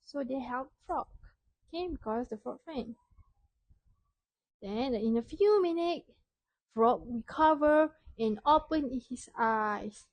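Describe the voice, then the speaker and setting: Slow, high-voiced woman teacher. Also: expressive, muffled recording. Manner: slow, clear, asks and praises children. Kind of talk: storytelling lesson for young children.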